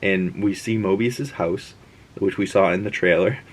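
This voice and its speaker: A man's voice: sits low, normal speed, a little hiss or hum. A man hosting a casual episode breakdown, rambling and chatty with frequent restarts and asides. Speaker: host.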